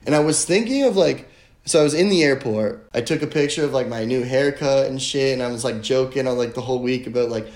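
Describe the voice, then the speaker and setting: A man's voice: mid-range voice, fast, darkish tone. A young man telling a story in casual podcast chat, rambling with lots of filler words and swearing. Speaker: guest. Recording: roomy echo.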